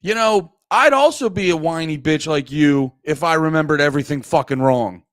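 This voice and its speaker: A man's voice: on the high side, moderate pace, a bit bright, no room sound, clean studio sound. A man streaming live, chatting casually and brashly teasing his viewers, swearing often. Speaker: livestreamer. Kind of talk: casual livestream chat. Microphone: close desk mic.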